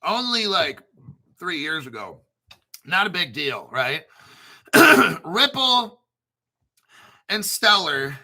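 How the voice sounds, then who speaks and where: Blunt cussing crypto guy, sharp bright voice, keeps clearing his throat. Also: high voice. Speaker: crypto show host. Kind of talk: profane ranting commentary.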